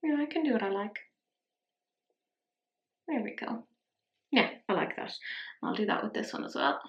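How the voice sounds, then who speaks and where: A woman's voice: fairly high pitch, lively intonation, moderate pace, highs cut off. Chatty Irish woman doing makeup. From Ireland. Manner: chatty, self-mocking asides. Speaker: beauty vlogger. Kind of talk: casual makeup tutorial chat. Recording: echoey room.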